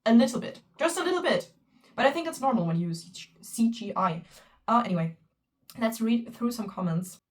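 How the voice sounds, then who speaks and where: Excitable young woman ranting as a fan. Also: fairly high pitch, normal speed, far from the mic. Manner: emotional, swears often, many fillers like "bro" and "like". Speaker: fan vlogger. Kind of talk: excited fan reaction commentary.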